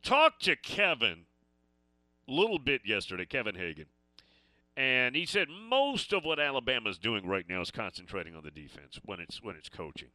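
A sports talk radio host rambles through stories and listener texts. His voice is very bright and his pitch moves a lot. The sound is close and dry. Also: huge pitch swings, normal speed, dry recording. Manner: rambling, reading listener messages.

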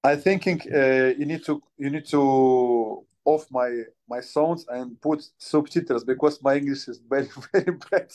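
Casting note: twenties male fighter, native Russian speaker, halting English, mid-range voice, self-deprecating. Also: medium pitch, a little mellow. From Ukraine. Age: 20s. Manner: halting English, searching for words, laughs at himself. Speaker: interview guest, fighter. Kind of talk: casual interview.

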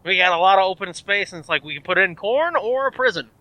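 High, bright-voiced man telling stories. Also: animated, fast, no echo, low-quality recording. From American Midwest. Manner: rambling, profane storyteller who acts out the people he quotes. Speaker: podcast co-host. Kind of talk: casual chat, storytelling.

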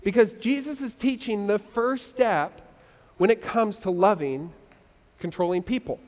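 High-voiced pastor in a reverberant hall. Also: male voice, a little slow. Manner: lively, leads the congregation in call-and-response. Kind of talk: sermon. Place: church hall.

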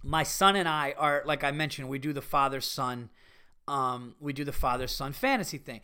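Middle-aged man, podcast host, profane excitable rant, bright voice, smooth clear tone. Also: mid-range voice, normal speed. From Italian-American heritage. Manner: profane, excitable, ranting with laughs. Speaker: podcast host reading listener emails. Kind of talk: casual comedic podcast rant.

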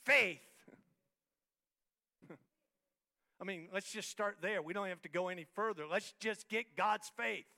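A man preaching a sermon as pastor, his voice sitting very high with a piercing, bright edge. He builds rhythmic, repeated lines and swings from quiet talk to full shouts. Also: unhurried, creaky, pauses often. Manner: repetitive, rhythmic emphatic phrasing. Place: church hall, live-streamed service.

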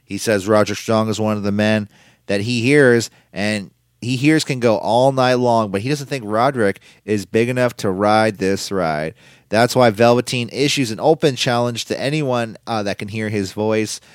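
Low-voiced man rambling through a solo recap. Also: moderate pace, clean tone, no room sound, studio quality. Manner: rambling and opinionated, quotes people in put-on voices. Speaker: podcast host recapping wrestling.

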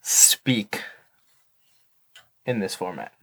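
A man's voice: deep voice, sing-song, drawn-out words, creaky, sharp tone, breathy edge. Man hosting a podcast, carefully enunciated. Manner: dry, self-deprecating, enunciates carefully. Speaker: podcast co-host. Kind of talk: casual chat.

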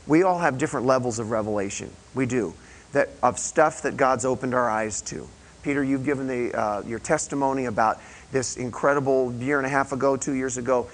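A man's voice: mid-range voice, slight background noise, low-quality recording. A male pastor preaching to a small group in a room, talking in a conversational way with frequent restarts and questions to the listeners. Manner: conversational, halting, with many restarts and rhetorical questions. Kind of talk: sermon.

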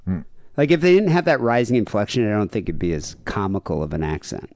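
A man's voice: lowish voice, big pitch swings, fast, darkish tone, no room sound. A man hosting a podcast, chatting casually and reading out case notes with wry, dry commentary. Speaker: podcast host.

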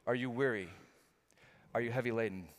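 A man's voice: mid-range voice, fairly quick. A middle-aged male pastor preaching a sermon, earnest and repetitive, full of rhetorical questions. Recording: long hall reverb.

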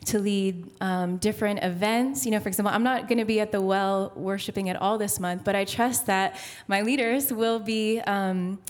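A woman's voice: mid-range voice, steady tone. Heartfelt woman worship leader. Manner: heartfelt, with frequent ums and pauses. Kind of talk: casual talk during a sermon.

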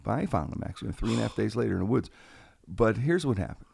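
A man's voice: fairly low pitch, quick pace, vocal fry, slightly rough, no echo, studio quality. A man, a radio personality telling stories on a casual podcast, acting out quoted lines with animation. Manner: animated, acts out quotes in a raised voice.

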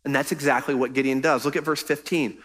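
A man's voice: mid-range voice, fairly even intonation, fast talker, fairly bright tone. A man preaching a sermon as pastor, earnest and conversational, pressing his points with emphasis.

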